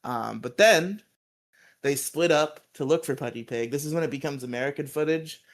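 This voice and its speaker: A man's voice: fairly high pitch, normal speed. A man co-hosting a podcast and recapping an episode in a loose, casual chat, laughing often. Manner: laughs often, quotes characters in put-on voices. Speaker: podcast co-host.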